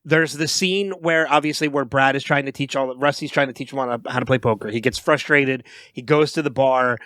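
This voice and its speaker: A man co-hosting a podcast, chatting about a movie in an animated way and often restarting and repeating words as he gets going. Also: medium pitch, a little fast, no echo, studio quality. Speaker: podcast co-host. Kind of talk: casual movie review chat.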